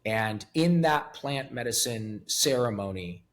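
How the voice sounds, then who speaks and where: A man's voice: medium pitch, lively intonation, a little slow, a bit bright. A man in his fifties speaking as a guest in a candid interview, blunt, profane and emotionally raw. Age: 50s. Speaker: podcast guest.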